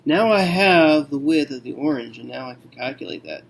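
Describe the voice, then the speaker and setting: A man teaching a math lesson, working through a problem slowly and thinking aloud with frequent okays. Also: mid-range voice, expressive, vocal fry, a little hiss or hum.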